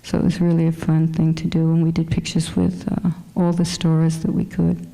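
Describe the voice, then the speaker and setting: Woman, small voice, dark mellow tone, flat low pitch, anecdotal chat. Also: normal speed, vocal fry, big-room sound, poor audio. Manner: chatty, anecdotal, with many fillers. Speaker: fashion photographer guest. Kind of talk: casual talk presenting her photos. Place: lecture hall at a museum.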